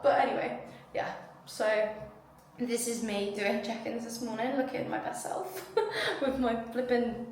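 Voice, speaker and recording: A woman's voice: on the high side, normal speed, very echoey. A woman, chatting casually to camera in a vlog, rambling with lots of "like". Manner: chatty, rambling, heavy use of "like". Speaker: vlogger.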